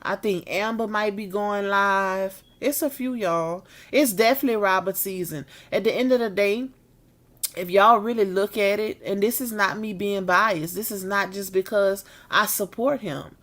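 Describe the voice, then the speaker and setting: In a mid-range, fairly bright voice, a woman streaming live chats casually with her audience, saying she's tired and needs a nap as she yawns. Her manner is chatty, full of drawn-out Southern-style y'all and baby.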